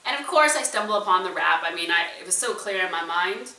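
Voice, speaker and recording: A woman entrepreneur and speaker telling a personal story to an audience in an animated, conversational way. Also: fairly low pitch, fast, distant mic. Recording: roomy echo, voice a bit away from the mic.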